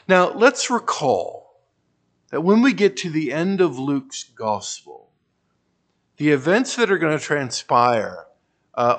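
Conversational man preaching with wry asides. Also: medium pitch. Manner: shifts between emphatic bursts and quiet trailing phrases. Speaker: pastor. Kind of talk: expository sermon.

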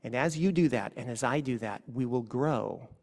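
A man preaching a sermon as a pastor, earnest, moving between hushed and forceful passages. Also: medium pitch, normal speed. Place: church sanctuary. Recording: long reverb of a church hall.

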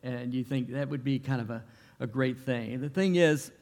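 A man's voice: mid-range voice, moderate pace, darkish tone, big-room sound. A man, a pastor praying and then telling stories in a folksy, conversational way, with frequent restarts. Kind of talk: sermon with prayer and storytelling. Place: church.

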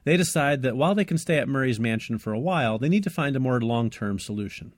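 A man's voice: mid-range voice, expressive, fast talker, no room sound. A man co-hosting a casual movie podcast, recapping plots with enthusiasm. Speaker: podcast co-host.

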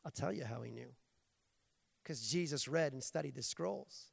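A man's voice: medium pitch, animated, moderate pace, creaky, breathy edge. Man, preacher, sermon, playful jokey delivery, long hall reverb.

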